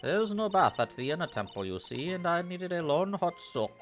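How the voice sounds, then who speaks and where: A man's voice: on the high side, sing-song, a little fast, soft background music, voice pushed up. Bikini, a man doing an old Irish-accented nun. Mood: fond. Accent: put-on Irish. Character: elderly woman, head nun of a temple, back-sore, gentle.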